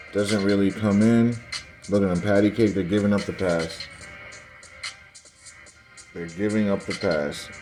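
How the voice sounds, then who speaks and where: A man with a low-ish, darkish voice hosts his own sports video, speaking directly to viewers over game footage. His casual talk is dismissive and conspiratorial. The recording is low quality.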